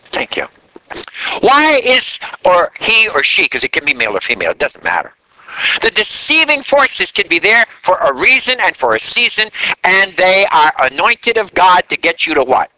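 A man preaching a sermon in an animated way, drawing call-and-response answers from the congregation. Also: high voice, normal speed, slight background noise, poor audio.

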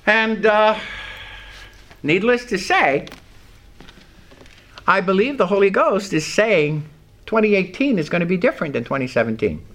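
A man's voice: sits high, expressive, a little slow, long pauses, fairly bright tone, a little hiss or hum. An older man preaching a sermon in a church, telling a story with emphatic, rising lines. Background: congregation responding.

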